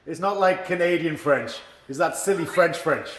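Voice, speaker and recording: A man's voice: fairly high pitch, normal speed, fairly bright tone, a little hiss or hum. A man teaching a karate class, calling out counts and commands to his students. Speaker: karate instructor. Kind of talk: teaching a martial arts class. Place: dojo hall. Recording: echoey hall, far from the mic.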